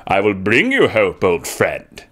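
A man putting on the voice of a grandiose aging male supervillain, declaiming slowly and solemnly. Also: lowish voice, wildly swooping pitch, a bit bright, pitched below the performer's own voice, exaggerated voice. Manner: slow, solemn, dramatic declaiming.

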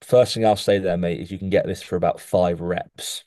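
Tiefe Stimme, Mann, der ständig „mate“ sagt. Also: male voice, low-pitched, normal speed, no echo, studio quality. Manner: says "mate" constantly, animated coaching tone. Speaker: podcast co-host rating physiques. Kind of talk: casual chat. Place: podcast studio.

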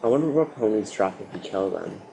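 A lower-voiced man narrating his survival game run, swinging from quiet muttering to sudden excited shouts at the monsters. His voice sits over a clearly audible noise floor, like a home setup. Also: fairly quick. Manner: excitable, yelling at mobs, frequent outbursts. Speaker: gaming commentator. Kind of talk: Minecraft let's play commentary.

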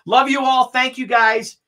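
Excitable middle-aged man hosting a stream. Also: very high voice. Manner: excitable, repetitive, joking. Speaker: livestream host. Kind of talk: casual livestream chat.

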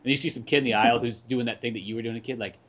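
A man's voice: mid-range voice, fairly even intonation, rapid-fire, lo-fi sound. A man co-hosting a podcast in casual chat, laughing often and acting out quoted voices. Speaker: podcast co-host.

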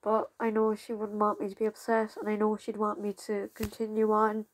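A young woman talking casually to her channel's viewers, rambling and halting with many fillers, close to tears. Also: medium pitch, completely flat delivery. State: fighting back tears. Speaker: channel creator. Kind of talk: casual vlog talk to viewers.

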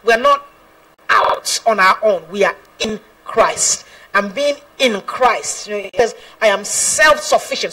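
A woman's voice: mid-range voice, a bit bright, breathy edge, distant mic, rough recording. A woman gospel singer giving an earnest personal testimony, laughing often and quoting scripture.

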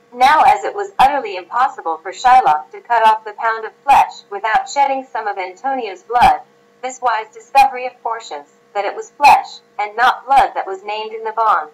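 A woman reading a classic story aloud as an audiobook narrator, at a steady, even pace. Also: on the high side, normal speed, lo-fi sound.

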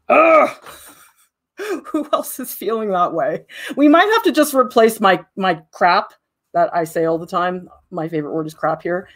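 Animated, self-mocking woman art teacher. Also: on the low side. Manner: self-deprecating, laughs often, animated storytelling. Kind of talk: casual drawing demo with chatty stories.

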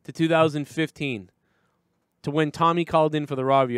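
Brief: swearing New host, slightly high voice, dry close sound. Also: male voice, fairly even intonation, brisk, fairly bright tone, smooth, no echo. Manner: profane, rambling storytelling. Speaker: live show host. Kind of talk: casual chat.

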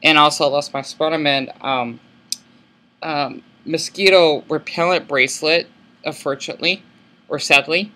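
A young American man in his late twenties with a squeaky, bright voice, speaking softly and hesitantly. He restarts sentences and fills pauses as he talks casually to his viewers. He is recorded through a laptop's built-in mic at home. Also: steady tone. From United States. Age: late 20s. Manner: soft-spoken and hesitant, with many restarts and fillers. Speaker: vlogger. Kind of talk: casual vlog monologue.

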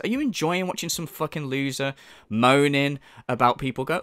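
A man's voice: fairly high pitch, animated, brisk, fairly bright tone, no echo, clean studio sound. A man hosting a mocking commentary, sarcastic and sweary, often mimicking others in exaggerated voices. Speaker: commentary channel host.

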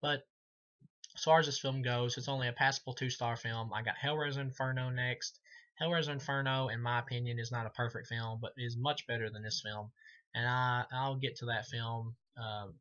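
A man's voice: medium pitch, fairly even intonation, fairly quick, fairly bright tone, dull audio. A man giving a casual, profane movie review, rambling with many fillers and laughing at his own jokes. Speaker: film reviewer.

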